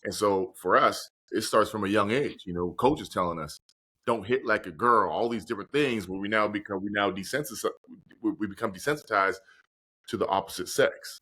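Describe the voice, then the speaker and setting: A man's voice: fairly low pitch, fairly quick, sharp tone. A man speaking earnestly and reflectively as a podcast guest and motivational speaker. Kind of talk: conversational interview.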